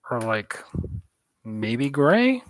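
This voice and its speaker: A man chatting casually while he paints, musing out loud and weighing his choices with a hesitant, unhurried manner. His voice sits in a middling pitch, and the sound is close and dry with almost no room around it. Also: very animated, dry recording. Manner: thinking aloud, musing and hesitant. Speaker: artist streaming his painting. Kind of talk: casual live-stream chat while painting.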